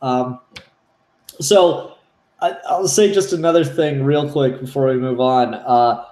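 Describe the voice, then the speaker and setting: A man co-hosting a casual comics chat, excitable and profane, acting out scenes as he talks. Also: medium pitch, slow pace. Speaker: podcast co-host. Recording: roomy echo.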